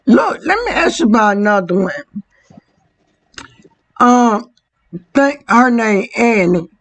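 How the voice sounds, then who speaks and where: A host in casual chat, asking relaxed questions. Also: mid-range voice, takes it slowly, poor audio.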